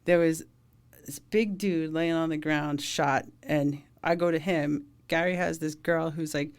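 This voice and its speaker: A woman's voice: low-pitched, steady tone, a little slow. A middle-aged woman, a first responder, telling blunt, talkative stories in a casual interview and laughing often.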